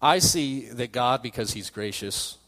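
A man's voice: medium pitch, a little slow, fairly bright tone. A young male youth pastor preaching a sermon by retelling a story in a casual, self-deprecating way. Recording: long reverb in a hall.

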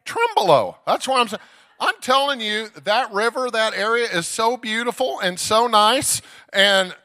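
A bright, forceful male evangelist from Texas works up a church crowd, shouting "come on, somebody" between stories. His voice sits a little high and swings from loud bursts down to hushed asides. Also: unhurried. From Dallas, Texas. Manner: exuberant, calls out to the crowd, storytelling. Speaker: guest evangelist preacher. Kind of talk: energetic Pentecostal sermon. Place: church sanctuary.

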